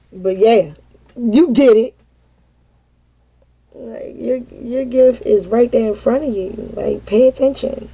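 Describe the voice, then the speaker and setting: A woman's voice: a little high, takes it slowly, long pauses, warm tone. A woman giving a casual vent session to her viewers as a tarot reader, dramatic and profane, often breaking into laughter.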